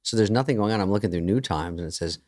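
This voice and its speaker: A man's voice: on the low side, fast talker, a little mellow. A man telling stories as a guest comedian in a casual podcast chat, acting out other people's lines in changed voices.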